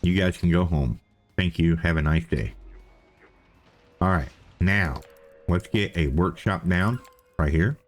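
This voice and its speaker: Guy with a real low voice narrating his game, playful, talks to himself a lot. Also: unhurried, long pauses, faint music behind. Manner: chatty, repeats himself while thinking aloud; playful self-talk. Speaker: let's play host. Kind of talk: casual gameplay commentary.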